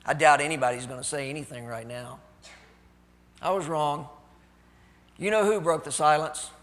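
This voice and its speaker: An actor playing a doubtful, reflective apostle in a live church skit, telling the story with hesitant pauses. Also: male voice, a little high, a bit bright, lightly acted. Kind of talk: live stage skit monologue. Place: church stage. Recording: reverberant church hall.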